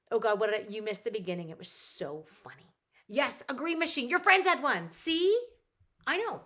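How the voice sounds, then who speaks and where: A woman's voice: medium pitch, a little hiss or hum. A woman in her forties, chatty and bubbly, telling stories and laughing as she demonstrates a papercraft project. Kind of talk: casual live crafting demo.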